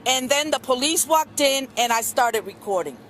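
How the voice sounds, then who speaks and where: A middle-aged woman speaks at an outdoor press conference, her voice high and earnest. She rambles through her account with many ums and restarts. Faint street and traffic noise sits behind the news camera recording. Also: lively intonation, normal speed, fairly bright tone.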